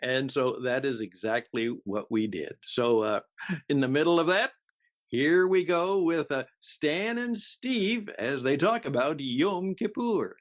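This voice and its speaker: A man hosting a casual radio conversation, often chuckling and pausing on fillers, heard on a slightly muffled radio recording. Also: fairly high pitch, animated, dry recording. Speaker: radio host.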